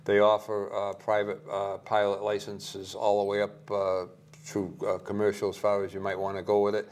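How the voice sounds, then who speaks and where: A man's voice: on the low side, completely flat delivery, normal speed, darkish tone, clean tone. A man being interviewed as a guest, giving hesitant, cautious answers full of fillers. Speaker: airport manager, guest.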